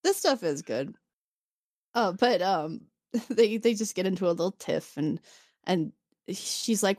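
Woman, casual chat, animated episode recap, acts out lines, laughs a lot, dry sound. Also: lowish voice, slow, dry recording. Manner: animated storytelling, acting out characters' lines; laughs often. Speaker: podcast co-host.

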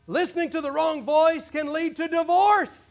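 Preaching passionately at a moderate pace, this pastor has a very high voice with fairly even intonation and some vocal fry. It sounds like a church service with a congregation in the sanctuary, and he swings between near-shouted declarations and hushed, low asides.

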